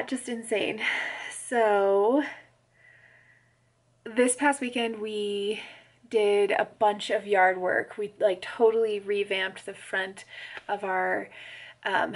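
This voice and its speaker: A young woman telling a story in a casual vlog, chatty and quick to laugh, full of "like" fillers. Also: mid-range voice. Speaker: pregnancy vlogger.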